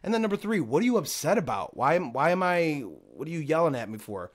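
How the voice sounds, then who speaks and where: A man's voice: on the high side, very animated, fast talker. Male podcast host, heated profane rant, casual chat.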